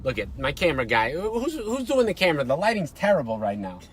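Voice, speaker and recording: A man's voice: on the high side, wildly swooping pitch, fast talker, fairly bright tone, slight background noise. A man from Boston hosting a podcast, chatting playfully and laughing inside a car. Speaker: host. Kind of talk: casual chat.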